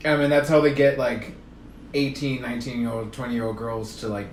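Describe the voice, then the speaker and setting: A man's voice: medium pitch, level tone, a little fast, roomy sound, a little hiss or hum. A man co-hosting a podcast, chatting crudely and casually, swearing freely and laughing often. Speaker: podcast co-host.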